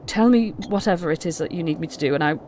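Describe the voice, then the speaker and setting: A woman's voice: sits low, a little mellow, slight background noise, natural voice. A woman voicing a remorseful young woman who stammers through earnest apologies. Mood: pleading. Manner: stammering, halting.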